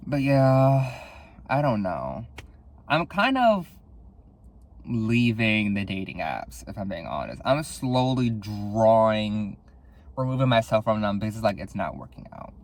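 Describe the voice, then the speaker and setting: A young man hosting a solo podcast, speaking candidly and casually, swearing a lot, sighing often and jumping up in pitch for dramatic effect. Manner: candid and profane, with frequent sighs; dramatic, with sudden jumps in pitch. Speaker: podcast host.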